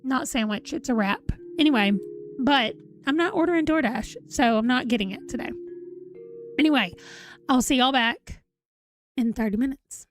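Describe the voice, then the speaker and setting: A woman's voice: high-pitched, moderate pace, faint music behind. A woman, chatting casually on a livestream, rambling and reading out viewer comments while a bit tired and yawning. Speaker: livestream host.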